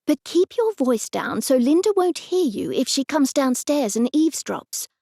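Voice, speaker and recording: A woman playing a brisk, fussing aunt. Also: high voice, big pitch swings, gravelly, mellow, dry recording, clean studio sound, voice pushed up, exaggerated voice. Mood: bossy. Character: bossy fussing older aunt, a witch.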